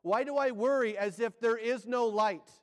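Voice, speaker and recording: A man preaching a sermon, firing rhetorical questions and swinging between loud and hushed delivery. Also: very high-pitched, moderate pace, in a large hall.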